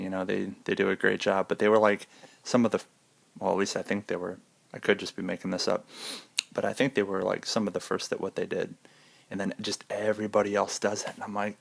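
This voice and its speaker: A man's voice: fairly low pitch, gravelly, dry recording. A man vlogging in a casual, rambling monologue, joking and drifting off on tangents. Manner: rambling, goes off on tangents, jokey.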